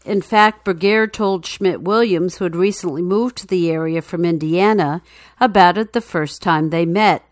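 A woman's voice: on the low side, normal speed, dry recording, clean studio sound. A woman narrating a true story as scripted narration, telling it in a dramatic, suspenseful way.

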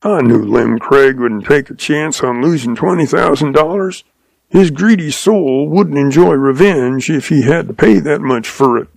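A man voicing a shrewd, calm old cowboy with a drawl, patient and amused. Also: fairly high pitch, unhurried, vocal fry, dry recording. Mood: sly calm. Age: older.

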